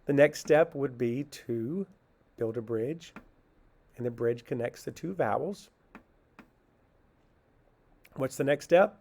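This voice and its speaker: A man gives children a phonics lesson, posing a question and answering it himself before sounding words out syllable by syllable. His medium-pitched voice is gravelly and husky with a darkish tone, and he's slow and patient.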